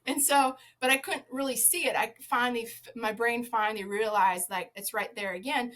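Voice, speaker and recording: A woman's voice: fairly high pitch, steady tone, moderate pace, fairly bright tone. A woman guest on a podcast, a former zookeeper telling a casual anecdote, swearing freely and laughing often.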